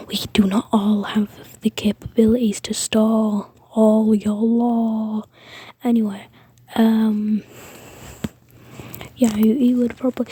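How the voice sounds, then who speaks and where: A woman's voice: on the high side, mellow, slightly rough. A woman whispering a rambling story, with frequent fillers and restarts.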